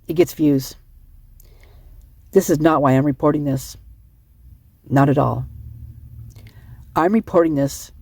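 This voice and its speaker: A woman's voice: sits low, dark tone, husky, no echo. A middle-aged woman giving rambling, emotional casual commentary, sleep-deprived and often restarting her sentences. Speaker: online commentator.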